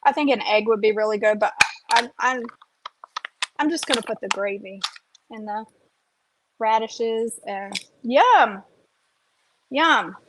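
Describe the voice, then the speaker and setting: A woman's voice: mid-range voice, moderate pace, pauses often, noisy background. Chatty woman cooking on camera. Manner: chatty, often adds "okay?" and "y'all". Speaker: cooking vlogger. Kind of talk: casual cooking vlog.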